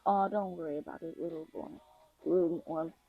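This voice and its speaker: A woman voicing a gentle young woman talking softly to a baby in a fan story. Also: low voice, steady tone, moderate pace, slightly rough, phone-quality sound, faint music behind. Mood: tender.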